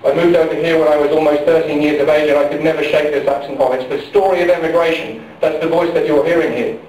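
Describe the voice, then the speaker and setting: This middle-aged man's voice is a little high and a little mellow, with fairly even intonation and a quick pace. Campaigning at a public forum, he gives a passionate political speech, hammering home questions and phrases through repetition. The power is out in the large public hall, and the distant recording is very echoey with faint noise.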